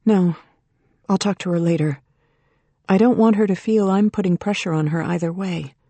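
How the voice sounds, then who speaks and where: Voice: mid-range voice, moderate pace, warm tone, no echo, natural voice. An audiobook narrator voicing a determined woman who speaks tensely and bitterly while negotiating for her son, in a dry recording. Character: determined mother under strain, adult woman. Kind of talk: audiobook character reading.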